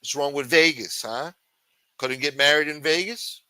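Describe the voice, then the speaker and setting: A man's voice: a little high, normal speed, sharp tone, no room sound, poor audio. A man hosting a late-night livestream show, reading news articles aloud and breaking off into profane, sarcastic rants.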